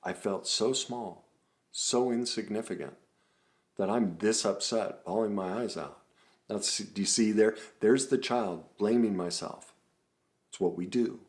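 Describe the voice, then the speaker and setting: A man's voice: fairly low pitch, measured pace. A man working as an emotional coach, leading a guided self-reflection talk in an earnest, emphatic way and steering the listener with questions.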